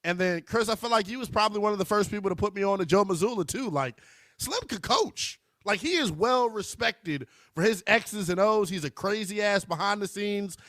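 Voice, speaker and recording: A man hosting a sports radio show, chatting casually with a guest in a relaxed, slangy way. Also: high-pitched, a little fast, no echo, clean studio sound. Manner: relaxed, agreeable, slangy interviewer.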